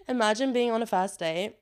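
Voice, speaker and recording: A young woman hosting a casual solo podcast, chatty and sweary, laughing often and getting animated when she rants. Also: fairly high pitch, smooth. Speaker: podcast host.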